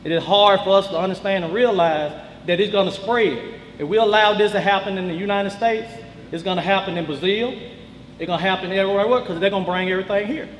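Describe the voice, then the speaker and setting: A high-voiced man speaks earnestly and urgently to a meeting. His voice echoes through a large hall over faint background noise. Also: quick pace. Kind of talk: speech at a meeting.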